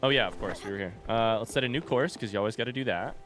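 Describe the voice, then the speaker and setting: A man streaming a game live in a relaxed, rambling way, greeting chat and swearing casually. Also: medium pitch, quick pace. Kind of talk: casual gaming livestream chat. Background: game music.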